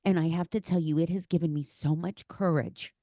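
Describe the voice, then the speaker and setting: A woman's voice: fairly low pitch, fairly even intonation, brisk, warm tone, no room sound, clean studio sound. A woman hosting a podcast interview, talking in an effusive, emotional way and gushing with praise for her guest. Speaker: podcast host.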